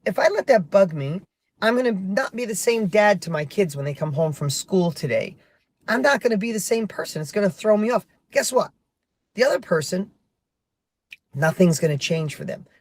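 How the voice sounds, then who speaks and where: A middle-aged man talking in an animated, storytelling way from a parked car, sometimes flaring into heated emphasis. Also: sits high, moderate pace, dry recording. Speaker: motivational vlogger. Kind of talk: casual motivational monologue.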